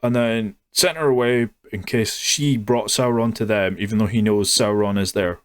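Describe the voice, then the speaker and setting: A man's voice: fairly low pitch, fairly even intonation, moderate pace, clean tone, no echo. A man reviewing a show in a sarcastic, mocking rant. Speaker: YouTube reviewer. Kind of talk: ranting review.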